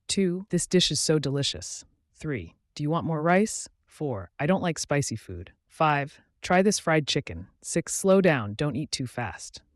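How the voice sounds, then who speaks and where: A man reading numbered everyday phrases slowly and clearly for learners. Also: fairly high pitch, very animated, no echo, studio quality. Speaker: English teacher.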